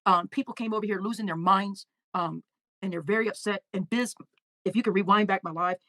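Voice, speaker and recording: A woman hosts a casual livestream at a quick clip, reacting to viewer comments. She talks with feeling, stumbling and repeating words as she goes, in a dry, close sound. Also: medium pitch, fairly bright tone, no room sound. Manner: emotional, halting, repeats words. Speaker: livestream host.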